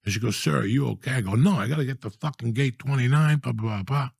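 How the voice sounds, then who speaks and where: A man in his sixties telling profane, animated stories in a casual comedic chat, often ranting in mock outrage. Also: mid-range voice, quick pace, creaky, breathy edge, no echo, studio quality. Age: 60s. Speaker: podcast guest storyteller.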